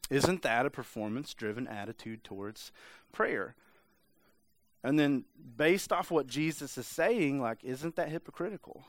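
A man preaches in a loose, chatty way, peppering his talk with "like" and joking impressions. His voice sits at an ordinary middle pitch and sounds close and dry, with no room echo. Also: animated, moderate pace. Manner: conversational, lots of filler "like", mimics voices for humor. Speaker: pastor. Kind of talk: casual sermon.

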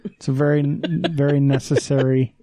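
A man's voice: on the high side, fairly even intonation, moderate pace, mellow, no room sound, studio quality. An American man hosting a podcast, joking crudely and teasing in casual banter. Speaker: podcast host. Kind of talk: casual chat.

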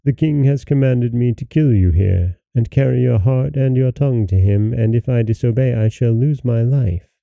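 A man's voice: medium pitch, normal speed, creaky, dry recording, phone-quality sound, lightly acted. A man reading a solemn guard captain. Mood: earnest.

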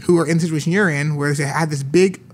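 A fast-talking man hosts a relaxed podcast chat, trading jokes with his guests. His voice sits a little high, and he often trips over and restarts his sentences. A faint hum of room noise runs beneath him. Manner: chatty, joking, stumbles and restarts often. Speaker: podcast host. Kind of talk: casual podcast interview.

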